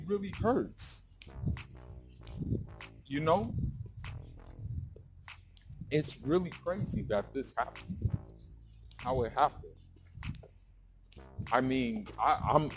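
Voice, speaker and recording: A man giving casual, slangy, emphatic boxing commentary, recorded outdoors near traffic. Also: fairly high pitch. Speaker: sports commentator. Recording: loud background noise.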